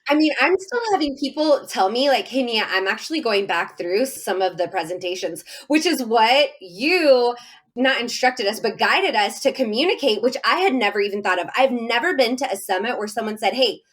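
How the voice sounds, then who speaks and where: A woman's voice: fairly high pitch, moderate pace. Effusive chatty woman telling her story. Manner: animated, effusive storytelling with many fillers. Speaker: podcast guest, summit host. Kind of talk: casual podcast interview.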